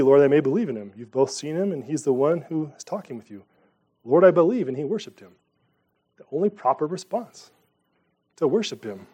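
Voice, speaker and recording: Guy preaching to his church, kinda high voice, chatty style with lots of questions. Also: mellow. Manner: conversational preaching with rhetorical questions. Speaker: pastor. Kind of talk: sermon.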